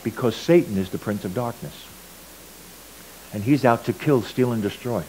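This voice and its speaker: A man of middle age stands before a church and shares his testimony. His voice sits at an ordinary middle pitch, and he tells his story earnestly, rising loud and then dropping quiet again. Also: moderate pace, a little hiss or hum, rough recording. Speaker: church speaker giving a testimony. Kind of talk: sermon testimony.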